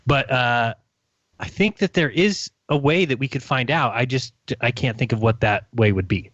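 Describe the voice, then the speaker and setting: A man co-hosting a call-in radio show, chatting in an easygoing way with quick asides. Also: mid-range voice, a bit bright, dry recording. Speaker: radio co-host. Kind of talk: casual call-in radio chat. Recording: dull lo-fi sound.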